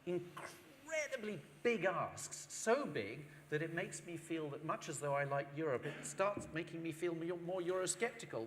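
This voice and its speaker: A man's voice: fairly high pitch, sing-song, moderate pace, hardly any pauses. A man speaking frankly and with some exasperation on a panel discussion. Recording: long reverb in a hall, faint noise.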